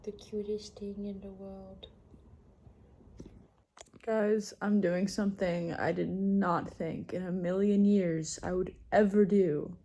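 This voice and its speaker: A young woman in her twenties chatting casually to camera in a vlog, self-mocking and often dropping into soft asides. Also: mid-range voice, steady tone, slow, dull audio. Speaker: vlogger. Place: on the move, home, train and hotel room.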